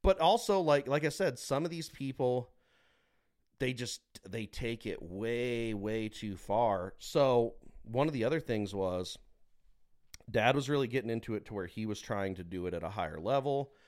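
A man co-hosting a podcast, telling a long story in a casual, animated way with plenty of swearing. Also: mid-range voice, normal speed. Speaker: podcast co-host.

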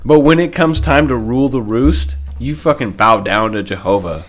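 A man's voice: mid-range voice, moderate pace. A young man co-hosting a casual podcast, joking and swearing through banter with friends. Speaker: podcast co-host. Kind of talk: casual chat.

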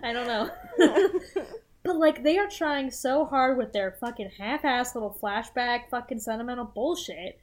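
A woman's voice: on the high side, lively intonation, unhurried, slight background noise. A young woman co-hosting a podcast, chatting casually and animatedly, laughing often, swearing and acting out characters. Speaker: podcast co-host. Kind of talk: casual chat recapping a TV show.

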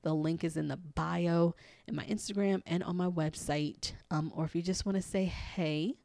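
A woman with a raspy, hoarse voice, hosting a casual solo podcast in a chatty, encouraging way. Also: fairly low pitch, steady tone, normal speed, dark tone, no room sound. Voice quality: raspy, losing her voice. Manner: chatty, encouraging, many ums and you-knows. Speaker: podcast host and life coach.

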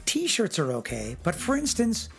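A man's voice: high voice, huge pitch swings, measured pace, vocal fry, faint music behind. A man co-hosting a podcast, bantering in a mock-indignant improvised comedy bit. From Canada. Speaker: podcast co-host.

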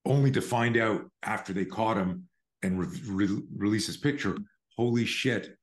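A man's voice: on the low side, normal speed, reverberant. An older man, a self-defense instructor, telling a story in an interview and acting out the quotes. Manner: animated storyteller, acts out quotes.

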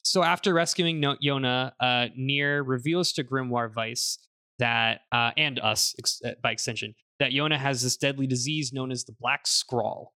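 A man hosting a casual podcast, recapping a game's story in an animated way with fillers. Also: medium pitch, moderate pace. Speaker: podcast host summarizing a game. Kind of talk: casual chat.

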